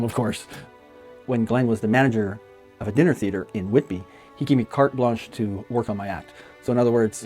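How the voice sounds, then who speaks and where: A middle-aged man from Canada speaks quickly and warmly of a late friend, breaking into laughs as he tells one story after another. His pitch sits in an ordinary middle range, and soft music plays faintly underneath. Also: slightly rough. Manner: fond, chatty storytelling with frequent laughs. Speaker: magician paying tribute to a late friend. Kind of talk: casual spoken memorial tribute.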